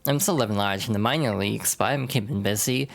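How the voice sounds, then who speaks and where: A woman's voice: very deep voice, fast, vocal fry, full character voice. Girl doing a cocky wrestler guy from a game, all swagger and trash talk. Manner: swaggering, boastful. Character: brash cocky wrestler, male.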